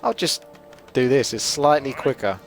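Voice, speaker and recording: A young man hosting a gaming channel, chatting and joking as he thinks out loud through live gameplay commentary. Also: medium pitch, animated, moderate pace, soft background music. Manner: chatty, jokey, thinks aloud while playing.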